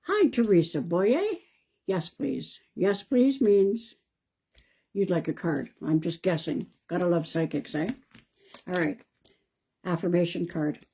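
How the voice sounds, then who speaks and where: A woman, a psychic medium, doing a live-stream card reading in a calm, reassuring way and thinking aloud. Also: lowish voice, normal speed, breathy edge. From Canada.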